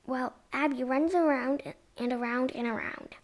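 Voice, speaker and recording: A woman's voice: high voice, fairly even intonation, normal speed, hardly any pauses. A young woman reading a children's chapter book aloud expressively, with occasional whispered asides. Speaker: reader.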